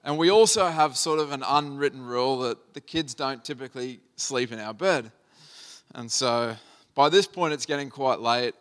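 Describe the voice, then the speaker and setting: A man's voice: medium pitch, normal speed, fairly bright tone, clear, resonant tone. A man in his thirties, a pastor, preaching a sermon by telling a personal family story in a conversational, earnest way.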